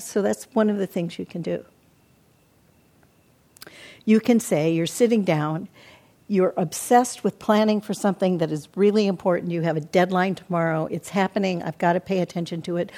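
An older woman teaching meditation in a calm, reflective dharma talk, often acting out her own inner self-talk. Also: fairly low pitch. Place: meditation hall.

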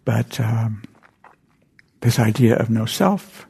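An older man giving a dharma talk at a meditation center, telling stories in a halting, gentle way that often drops to a whisper. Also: mid-range voice, animated, creaky, breathy edge. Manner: gentle, halting storytelling with frequent whispered asides. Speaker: meditation teacher.

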